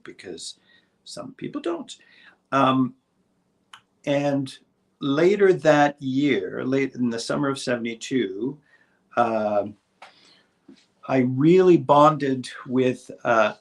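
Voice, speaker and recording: Slow-talking man in his sixties. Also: medium pitch, creaky. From Saint Boniface, Manitoba, Canada. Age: 60s. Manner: rambling, hesitant, many fillers and restarts. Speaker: guest actor. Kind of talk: casual interview talk.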